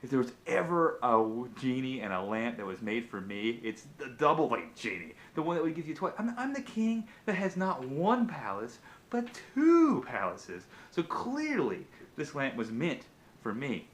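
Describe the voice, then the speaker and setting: A man voicing a greedy, boastful male king who gets excited and jumps up high when he speaks. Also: normal speed. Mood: smug.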